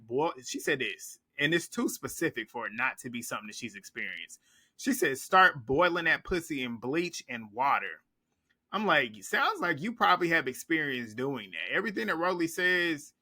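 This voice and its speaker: A man's voice: fairly high pitch, sharp tone. A man recapping a reality TV episode in a casual reaction vlog, blunt and profane, laughing often as he talks.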